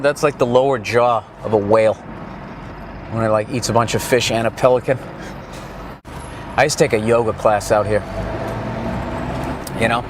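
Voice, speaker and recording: Outdoors and on the move down a city street, a man riffs crudely and sarcastically for his vlog in a profane, comedic ramble as he rides. His pitch is medium, with background noise behind him.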